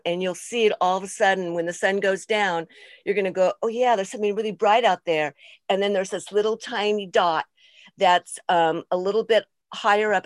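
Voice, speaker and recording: A woman's voice: mid-range voice, no echo. This woman shares her thoughts on a group video call in an eager, rambling way and keeps circling back to explain. The sound is dry and close. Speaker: circle participant. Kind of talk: casual sharing.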